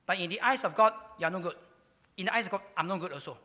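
A man preaching a sermon, swinging between loud emphatic lines and hushed ones. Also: high voice, quick pace. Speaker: pastor. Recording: hall reverb.

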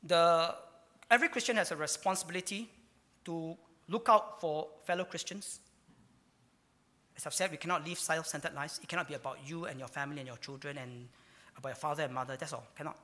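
A man preaching a sermon, swinging between loud emphatic lines and hushed ones. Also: a little high, steady tone, fairly quick. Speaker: pastor. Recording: hall reverb.

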